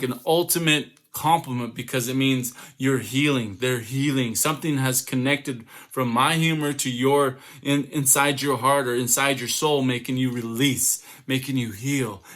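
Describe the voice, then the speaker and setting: A man who is a comedian, giving a motivational talk to young people over a video call, telling stories with lively acted-out quotes. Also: mid-range voice, moderate pace. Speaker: comedian and youth speaker. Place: home, online summit.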